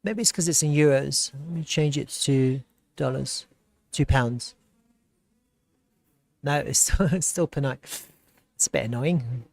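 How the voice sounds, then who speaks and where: A man hosting a live stream, chatting casually and reacting with excitement and frequent laughter as he browses. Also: mid-range voice, a little slow, gravelly, pauses often, no echo. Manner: excitable, laughs often, thinks aloud while browsing. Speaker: livestream host.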